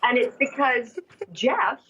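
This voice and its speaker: A woman, a guest actress, chatting in a casual interview and telling lively stories about her work, acting out what others said along the way. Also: fairly high pitch, slow pace. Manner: animated storyteller who acts out what others said. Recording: dull lo-fi sound with steady background noise.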